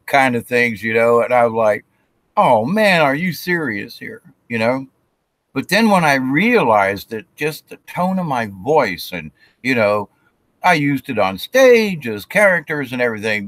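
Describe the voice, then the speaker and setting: A man's voice: medium pitch, fairly bright tone, dry recording. Man rambling in a dry room. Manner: rambling, with restarts and acted quotes. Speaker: spiritual talk host. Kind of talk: casual spiritual talk.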